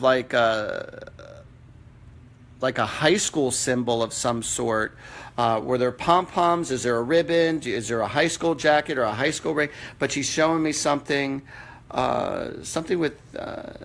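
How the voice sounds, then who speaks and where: A man hosting a live-stream psychic reading. He answers viewers' questions in an earnest, halting way, with many fillers and restarts. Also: medium pitch, gravelly, a bit bright. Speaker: psychic medium host.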